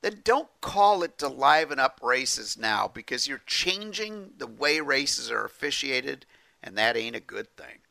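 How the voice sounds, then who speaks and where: A man's voice: medium pitch, unhurried, creaky, no room sound. A man co-hosting a motorsport talk podcast, joking and opinionated in a casual back-and-forth. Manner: animated, jokey, opinionated. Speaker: podcast co-host.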